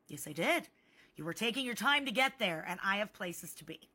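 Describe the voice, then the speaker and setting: Bright-voiced woman telling a sarcastic story. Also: medium pitch, brisk, slightly rough. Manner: animated, sarcastic, swearing freely. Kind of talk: casual storytime vlog.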